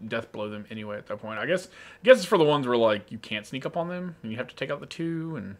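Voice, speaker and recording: A man co-hosting a let's play, chatting casually and reading game menus aloud in a relaxed mutter. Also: medium pitch, quick pace. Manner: laid-back, muttering menu text aloud. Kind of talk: casual gameplay chat.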